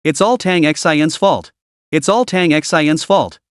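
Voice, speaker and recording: A man's voice: fairly high pitch, takes it slowly, smooth, no room sound, clean studio sound. A man voicing a cowardly, treacherous young man who begs in panic. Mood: panicked. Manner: panicked begging.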